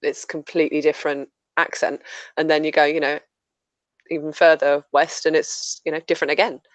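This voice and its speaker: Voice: mid-range voice, little pitch movement, brisk, no echo. A guest from southern England whose accent has picked up some Scouse, chatting casually and laughing easily between many fillers. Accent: southern English with some Scouse. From England, Buckinghamshire. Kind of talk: casual streamed chat.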